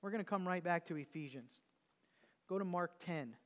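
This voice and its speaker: Guy preaching in church, kinda high voice, joking around w the crowd, long echo. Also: moderate pace. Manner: conversational, teasing the congregation with questions. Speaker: pastor. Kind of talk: sermon. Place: church sanctuary.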